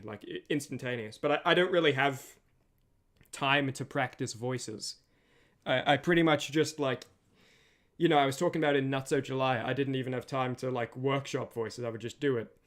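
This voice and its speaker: A man's voice: medium pitch, fairly even intonation, moderate pace, a bit bright. A tired man chatting casually on a stream as its host, rambling with many restarts. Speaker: streamer and voice animator.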